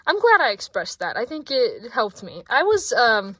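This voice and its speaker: A woman in her twenties, out of breath, chatting casually at her desk in a rambling, excitable way that often drops to soft mumbles. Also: on the high side, moderate pace, hardly any pauses, slight background noise. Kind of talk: casual sketchbook tour vlog.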